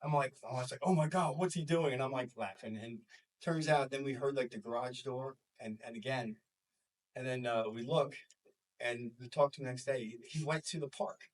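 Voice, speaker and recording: Speaking briskly in a mid-range voice, a school counselor and life coach from New York, a man in his forties with the local accent, addresses a small group. He animatedly performs the voices he quotes, and he is recorded from well away from the mic.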